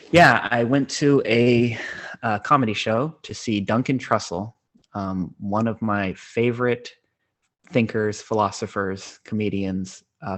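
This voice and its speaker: A man's voice: deep voice, creaky, a bit bright. A man in his thirties, a podcast host, telling a personal story in a rambling, casual way with many fillers and restarts. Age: 30s.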